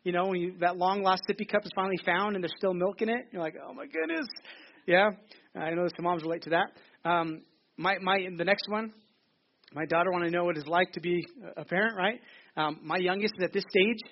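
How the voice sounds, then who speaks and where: A man's voice: high voice, fairly even intonation, a little fast, a little hiss or hum. A man in his thirties preaching a sermon in a theater, joking and chatty, often restarting his sentences. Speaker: pastor. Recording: slightly dull lo-fi recording.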